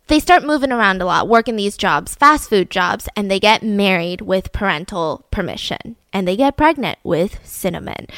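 A woman telling a story in a chatty, animated way, full of asides. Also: a little high, no room sound. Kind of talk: casual storytelling.

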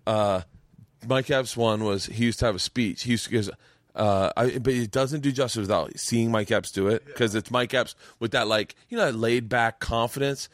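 A male comedian hosting a loose podcast from his home mancave. He tells stories in an animated rush, swearing freely and restarting his sentences as he goes. His voice sits at a middle pitch and sounds close and dry. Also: moderate pace, no room sound. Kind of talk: casual chat.

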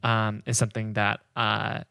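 A man's voice: lowish voice, completely flat delivery, moderate pace, vocal fry, pushed and bright, clear, resonant tone, dry recording, clean studio sound. A man hosting a podcast, telling a history story in casual chat, rambling with many fillers and frequent laughs.

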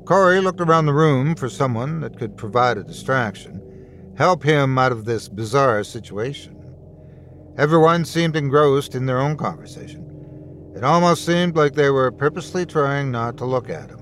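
A man reads a horror story aloud with an expressive, animated delivery. His pitch sits in the middle of the range but rises and falls freely. A faint noise sits under the voice. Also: moderate pace. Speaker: narrator. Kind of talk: scripted horror story narration.

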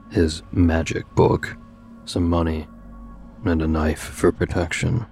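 A man narrating a scripted horror story in a measured, steady storytelling manner. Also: a bass voice.

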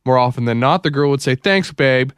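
A man co-hosting a morning radio show, reading listener stories and tossing off jokes between laughs. His voice sits at an ordinary pitch. It is recorded close and dry in a radio studio. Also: brisk, fairly bright tone, smooth, no room sound. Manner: jokey, reads listener texts aloud with laughs. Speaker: radio co-host. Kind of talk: casual morning radio banter. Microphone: studio microphone.

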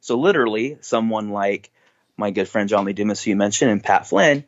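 A man's voice: lowish voice, a little fast, muffled recording. A man being interviewed as a podcast guest, talking in an upbeat, enthusiastic way and laughing easily. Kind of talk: casual interview chat.

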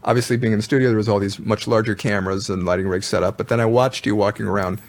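A man as a musician guest in an interview, telling his stories in a thoughtful, measured way. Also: lowish voice, steady tone. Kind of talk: casual interview chat.

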